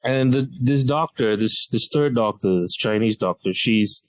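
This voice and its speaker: Young male comedian from Malaysia, middle-pitched voice, animated storyteller who does voices for the people in his story. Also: measured pace, low-quality recording. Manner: animated, acts out voices of doctors and nurses. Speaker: comedian guest. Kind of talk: storytelling on a podcast.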